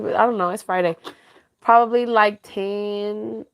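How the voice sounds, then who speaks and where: A woman's voice: mid-range voice, steady tone, a little slow, smooth. Tired, chatty woman podcast host. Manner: chatty, scattered, laughs often; coaxes a baby in a sing-song voice. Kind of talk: casual chat with a caller.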